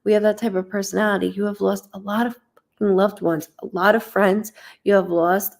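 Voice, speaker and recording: A woman's voice: mid-range voice, creaky, a little mellow. A woman working as a psychic medium on a casual live stream, talking straight to the viewer in a blunt way and swearing freely.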